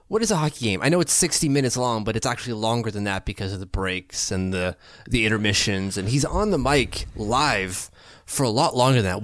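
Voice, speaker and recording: A man co-hosting a hockey podcast in casual chat. He talks in an animated, opinionated way, often restarting his sentences. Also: medium pitch, dry recording, clean studio sound.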